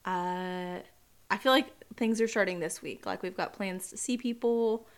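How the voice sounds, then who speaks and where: A woman's voice: medium pitch, measured pace. A woman from Phoenix co-hosting a podcast, telling rambling stories with many fillers. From Phoenix, Arizona. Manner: rambling, filler-heavy, laughs easily. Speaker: podcast co-host. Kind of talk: casual podcast storytelling.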